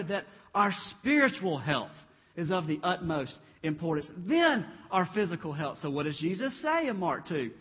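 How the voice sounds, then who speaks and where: A man preaching a lively sermon, acting out the voices in the Bible stories as he retells them. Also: sits high, slightly rough. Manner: animated storytelling, acts out Bible voices. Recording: dull reverberant hall.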